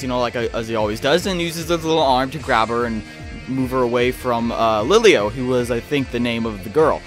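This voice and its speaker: A man giving a rambling, excitable casual review of a cartoon episode, often restarting his sentences. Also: mid-range voice, fairly quick, faint music behind.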